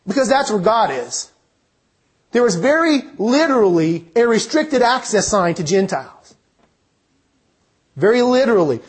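A man preaching an expository sermon, earnest and emphatic, slowing down to read scripture aloud. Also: extremely high pitch, sing-song, breathy edge.

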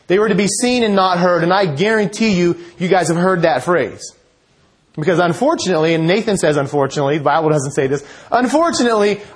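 A man preaching a conversational sermon in a church, reading scripture and quotes with casual asides. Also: high-pitched. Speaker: pastor.

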